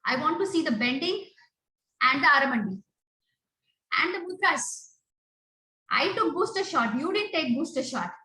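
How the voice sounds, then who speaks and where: A woman's voice: high-pitched, expressive, moderate pace, pauses often, pushed and bright. A woman teaching an online dance class to children over a video call, chanting sung syllables to set the beat and calling on students by name with short instructions. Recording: very echoey room, voice from a distance.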